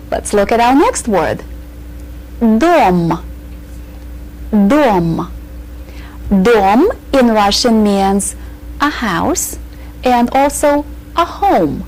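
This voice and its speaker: Slow, patient woman teaching a language. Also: a little high, a little mellow, rough recording. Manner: patient, repeats words clearly for learners. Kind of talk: slow, deliberate language lesson.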